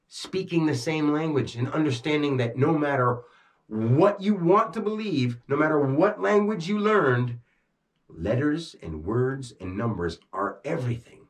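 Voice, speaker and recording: A man talking intensely to a camera, amped up and agitated, swearing and swinging between rushed bursts and slow, heavy emphasis. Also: on the high side. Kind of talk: rambling talk to camera.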